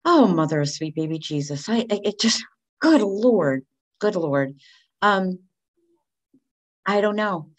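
A woman's voice: mid-range voice, slow pace, long pauses. A middle-aged woman speaking as a guest, telling a personal story candidly and expressively, acting out what people said. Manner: candid and expressive, acts out quoted speech.

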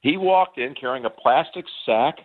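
A man guest on a sports interview, telling warm anecdotes with plenty of fillers and restarts. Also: medium pitch, expressive, moderate pace. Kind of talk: phone interview, reminiscing. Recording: tinny phone line.

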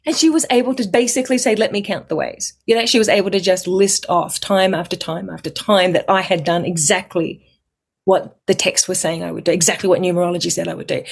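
A woman in her fifties talks as an interview guest, with a husky, breathy voice. Her storytelling is chatty and animated, and she freely acts out what others said. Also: fairly low pitch, fast talker. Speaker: guest numerologist.

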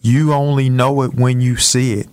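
A man co-hosts a casual talk show, speaking gently and earnestly. He sounds reflective as he shares his thoughts. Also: mid-range voice, level tone, normal speed, clean tone. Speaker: co-host.

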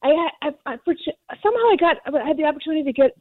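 A woman's voice: sits high, lively intonation, racing, no room sound. A woman calling in to a radio show, asking her questions hesitantly with many ums. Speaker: caller. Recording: tinny phone line.

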